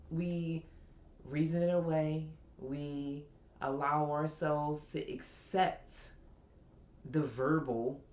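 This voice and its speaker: A woman hosting a personal podcast, reciting slow affirmations and speaking candidly. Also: very deep voice, reverberant. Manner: slow, soothing affirmations, then candid storytelling. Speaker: podcast host.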